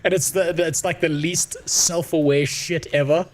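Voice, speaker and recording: A man's voice: fairly high pitch, fairly even intonation, normal speed. A young man streaming a game, talking in crude, sarcastic, laughing rants. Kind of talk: casual gaming stream chat.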